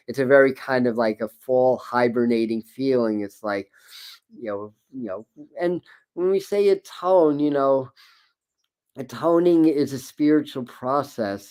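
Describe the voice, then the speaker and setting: A man's voice: medium pitch, a little mellow, clean tone. A man hosting a tarot reading, talking in a loose, rambling way with many fillers and repeated words. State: a bit foggy this morning. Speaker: tarot reader and spiritual host. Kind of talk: casual spiritual talk.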